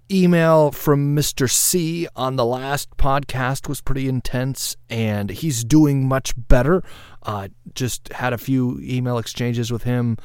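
Gravelly-voiced man hosting a podcast. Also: medium pitch, no room sound, clean studio sound. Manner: rambling, self-deprecating, laughs often. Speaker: podcast host. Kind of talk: casual podcast monologue.

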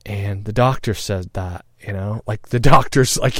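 A middle-aged man telling a personal story in a halting, reflective way, pausing often and getting loud at tense points. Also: on the low side, dry recording, studio quality. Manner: halting, reflective, with many pauses and fillers; grows loud and excited when recounting tense moments.

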